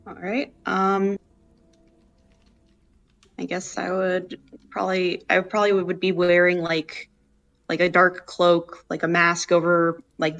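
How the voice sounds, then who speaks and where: A player with a flat, even voice rambles through their character's actions in a tabletop game, full of "like" and "probably". Faint music sits underneath. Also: medium pitch.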